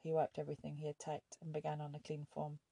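Gravelly, low-voiced woman narrator. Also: monotone, quick pace, warm tone, dry recording. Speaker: audiobook narrator. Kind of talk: scripted narration.

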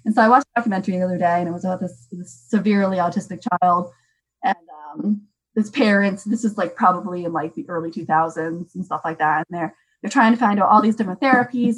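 Chatty young mother, animated. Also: mid-range voice, quick pace, rough recording. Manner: chatty, animated, many fillers. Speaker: parent. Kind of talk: casual chat.

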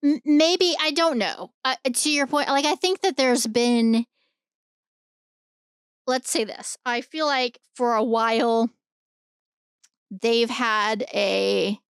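A woman's voice: on the high side, takes it slowly, pauses often, clean tone, no room sound, clean studio sound. A woman co-hosting a podcast, talking through a film in casual, emphatic chat and swearing freely. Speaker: podcast co-host.

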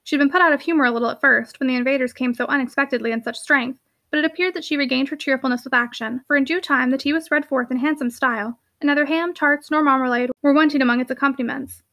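A woman reading a classic novel aloud in a brisk, lively narration. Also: high-pitched. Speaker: audiobook reader.

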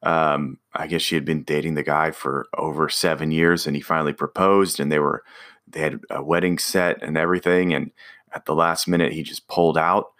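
A man's voice: a bass voice, a bit bright. A man casually telling a personal story about a driving job, rambling with restarts and fillers.

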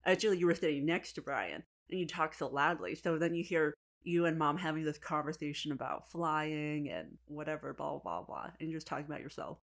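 Lower-voiced woman telling a story between laughs. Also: brisk, vocal fry, hardly any pauses. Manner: laughs often, animated storytelling. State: pregnant. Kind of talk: casual chat.

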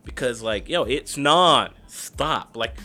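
A young man co-hosting a podcast, chatting casually in slangy, excitable talk and laughing often. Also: medium pitch, slow pace, faint music behind. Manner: animated, slangy, laughs a lot. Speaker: podcast co-host. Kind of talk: casual chat.

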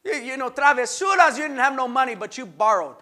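A pastor preaching a sermon, his voice very high for a man. The tone is bright and forceful, and he drives his points through rhythmic repetition. At its peaks his delivery rises into full shouts. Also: lively intonation, brisk. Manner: rhythmic repetition, call-and-response.

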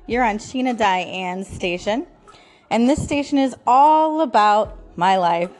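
A woman in her thirties hosting a casual devotional talk show, chatty, laughing often and full of fillers. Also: medium pitch. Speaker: podcast host.

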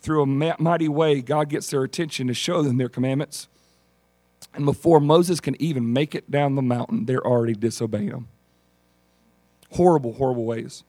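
A man preaching a sermon and telling stories in an animated way, acting out the characters. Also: mid-range voice, moderate pace. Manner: animated storytelling, acts out characters. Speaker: pastor.

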